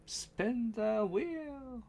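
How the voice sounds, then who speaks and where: High-voiced man, giggly host. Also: animated, very slow, gravelly, a little mellow. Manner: giggly, laughs often. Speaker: host of play read-along. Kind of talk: casual chat.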